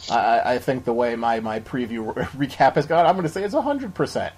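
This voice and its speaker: Rambling and restarting often, this man gives opinionated, casual basketball talk as a podcast co-host. He speaks fairly quickly in an expressive, medium-pitched voice that is darkish and slightly rough.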